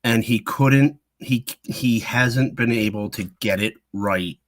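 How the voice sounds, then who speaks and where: A man's voice: medium pitch, takes it slowly, no echo. A man co-hosting a sports podcast, giving blunt opinions in a casual chat. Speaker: podcast co-host.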